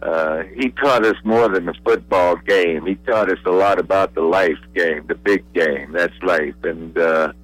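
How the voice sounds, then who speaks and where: An older man from Pennsylvania, a radio guest reminiscing, pausing often with uhs and repeated words. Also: sits low, no room sound, rough recording. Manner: halting, many uhs and repeated I's. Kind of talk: relaxed reminiscing.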